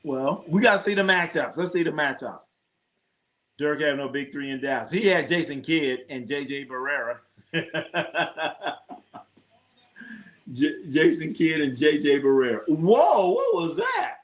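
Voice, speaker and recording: Reacting to scores on his live sports stream, this man rambles, curses casually, talks with his chat, and tells joking stories. His voice is fairly high and fairly bright, at a moderate pace.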